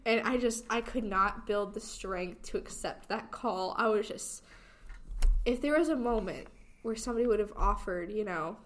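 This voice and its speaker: A young woman co-hosting a podcast, telling a story in an animated way and laughing as she goes. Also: medium pitch, normal speed. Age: young adult. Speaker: podcast co-host. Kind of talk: casual chat.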